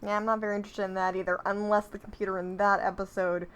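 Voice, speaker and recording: A woman co-hosting a podcast trades dry jokes about a cartoon episode, quick and sardonic. She laughs easily, with a middle pitch for a woman. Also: little pitch movement, slight background noise. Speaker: podcast co-host. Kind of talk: casual episode recap chat.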